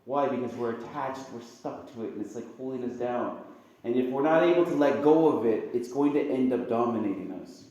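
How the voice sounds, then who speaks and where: A priest gives a loose, conversational homily, joking with his listeners and jumping into squeaky sound effects. His voice sits at a middling pitch. The room around him rings with heavy echo. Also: a little fast, muffled recording. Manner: chatty and animated, bursts into high-pitched sound effects and jokes with the audience. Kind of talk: casual spoken homily.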